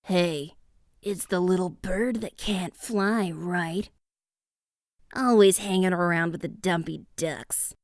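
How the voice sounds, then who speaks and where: Woman voicing big bad wolf, sneering, sly, slow threats. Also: fairly low pitch, dry recording, studio quality. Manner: mocking, sneering. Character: huge sly bullying male wolf.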